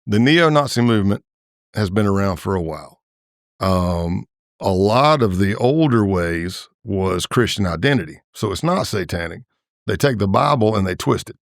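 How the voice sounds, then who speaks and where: A man's voice: moderate pace, creaky, no room sound, clean studio sound. A man, a former federal agent, telling stories in a casual interview and acting out the voices of the people in them. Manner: animated storyteller who acts out quoted voices with big pitch jumps. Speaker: former FBI agent, podcast guest.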